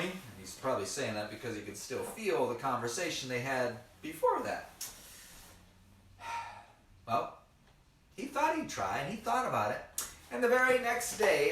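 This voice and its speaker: A man's voice: sits high, fairly bright tone, slight background noise. A man telling a story to children in a playful, folksy way, talking to the kids directly as he goes. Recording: echoey room, mic far off.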